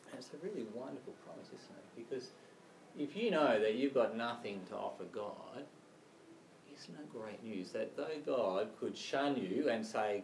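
A man preaches in a chatty way, with a lively, rising and falling pitch. The recording is roomy, with the mic set well back from him. There is faint ambience behind him. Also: measured pace, distant mic, slight background noise. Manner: conversational, chatty with frequent "right?" and "you know". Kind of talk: sermon.

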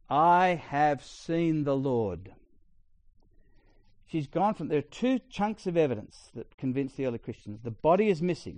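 Aussie preacher guy, middle-aged, telling stories mid-sermon, bit high-pitched, dry close sound. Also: mellow, dry recording. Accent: Australian. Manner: conversational storytelling with asides.

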